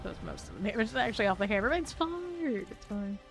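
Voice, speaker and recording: A woman's voice: medium pitch, big pitch swings, fast talker, gravelly, music in the background. A woman streamer chatting casually and thinking aloud while she sorts loot during gameplay commentary.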